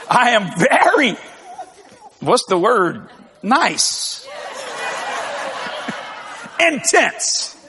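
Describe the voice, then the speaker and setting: An older man, a pastor, preaching with lively storytelling, acting out dialogue and laughing often. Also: very high-pitched, breathy edge, big-room sound. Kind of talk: sermon.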